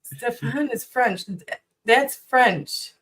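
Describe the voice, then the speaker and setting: A woman's voice: a little high, extremely slow, a bit bright, breathy edge. A woman chiming in from off camera with teasing, dry remarks in casual banter. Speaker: off-camera co-host.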